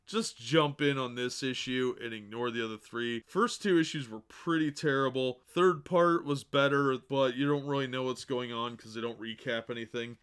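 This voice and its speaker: A man giving a casual spoken review of a comic book, sarcastic and unimpressed. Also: mid-range voice.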